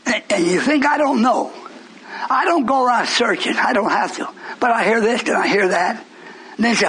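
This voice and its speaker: A man preaching a sermon as pastor, shouting and scolding, then joking with the congregation. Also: very high voice, moderate pace, slightly rough, low-quality recording. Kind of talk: fiery preaching.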